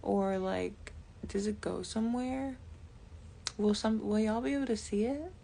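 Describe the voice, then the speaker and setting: A woman talks unhurriedly on a casual live stream, her voice carrying a gravelly fry. She rambles and thinks aloud, dropping into soft whispered asides now and then. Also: medium pitch, unhurried, slight background noise. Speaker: tarot reader and jewelry maker.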